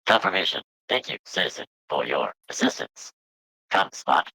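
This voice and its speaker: Formal robot companion, robot filter, lively pitch swings, close dry sound. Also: male voice, normal speed, vocal fry, breathy edge, dry recording, heavily acted, poor audio. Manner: clipped, formal machine phrasing. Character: formal robotic male companion, stiff and polite. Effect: robot voice modulator. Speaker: player. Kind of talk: voicing a character in a tabletop game.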